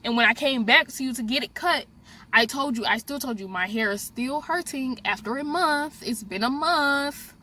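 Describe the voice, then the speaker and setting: A young woman vlogger telling a story in a casual, animated way, speaking straight to her viewers. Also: on the high side, moderate pace. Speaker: beauty vlogger. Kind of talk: storytime vlog, casual chat.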